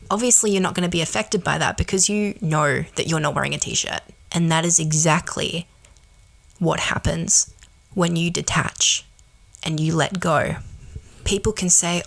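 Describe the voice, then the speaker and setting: A woman hosts a podcast and delivers a motivational monologue in a low, gravelly voice. She talks bluntly and emphatically, swearing casually as she pushes her point. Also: normal speed, a bit bright. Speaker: podcast host.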